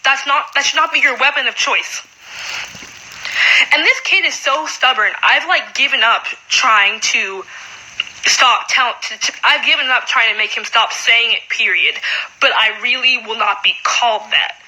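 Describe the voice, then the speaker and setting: A teenage girl rants in a casual vlog, her voice high and piercingly bright. She fills every pause with "like" and sounds fed up. Her talk is quick and loose. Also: poor audio. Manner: fast, frustrated talk full of "like". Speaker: high school student.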